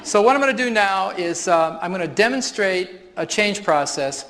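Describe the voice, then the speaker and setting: A man runs a live workshop demonstration on stage, explaining every step in a slightly high voice. He chuckles often as he talks. His voice rings with the long reverb of a large hall. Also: lively intonation, moderate pace, fairly bright tone, slight background noise. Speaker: workshop presenter.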